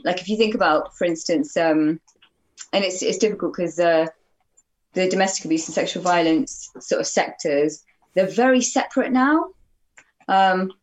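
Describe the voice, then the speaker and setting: A woman's voice: fairly low pitch, a little mellow, rough recording. A woman, a podcast guest, talking in a loose casual way with many fillers and restarts. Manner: swears freely, talks in loose restarts with many "um"s.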